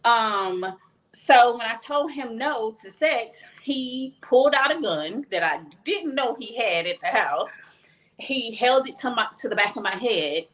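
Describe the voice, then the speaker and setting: A woman's voice: on the high side, expressive, a little slow, a bit bright. A woman from Texas, a podcast guest, telling a personal story candidly and plainly, voicing what others said along the way. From Texas, USA.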